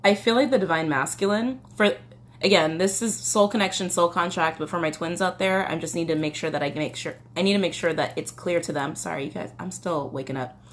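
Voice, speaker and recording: With a brisk delivery and a voice on the low side, a woman does a tarot reading in a chatty, foul-mouthed way. She reads out song lyrics and coughs a little.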